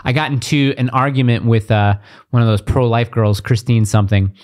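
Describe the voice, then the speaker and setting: A man in his thirties co-hosting a podcast, chatting casually and telling animated stories with put-on shouting voices. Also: mid-range voice, a little fast. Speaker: podcast co-host. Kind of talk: casual chat.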